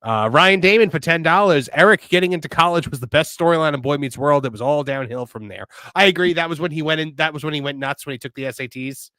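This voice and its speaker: A man hosting a casual wrestling podcast, reading viewer super chats and riffing on them, often trailing off quietly. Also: on the high side, fast talker, hardly any pauses, dry recording, clean studio sound. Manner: animated, trails off quietly, mimics callers.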